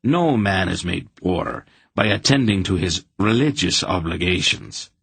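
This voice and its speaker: A stubborn, pious farmer who speaks quietly but will not budge, as a man reads him. The voice is very deep and gravelly, husky rather than clear, heard close and dry. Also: lively intonation, a little slow, dry recording, full character voice. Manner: firm, quiet, courteous.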